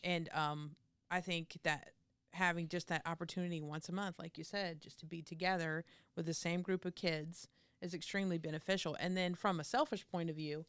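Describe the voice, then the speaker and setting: A woman's voice: fairly low pitch, steady tone, brisk, fairly bright tone, clear, resonant tone, dry recording. A woman who works in church ministry, cheerful in a casual podcast chat.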